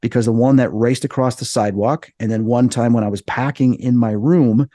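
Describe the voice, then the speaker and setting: A man appearing as a podcast guest, telling a story in an excitable, animated way. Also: brisk, no room sound, studio quality. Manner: excitable, acts out quoted voices with big jumps in pitch.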